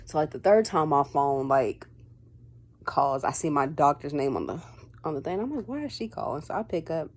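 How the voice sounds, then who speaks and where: A woman with a low voice tells a personal story to the camera in a loose, chatty vlog. She leans on "like" and "um" and slips into quoted back-and-forth as she goes. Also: animated, normal speed. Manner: rambling, heavy on fillers like "like" and "um"; acts out dialogue in quotes. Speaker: vlogger.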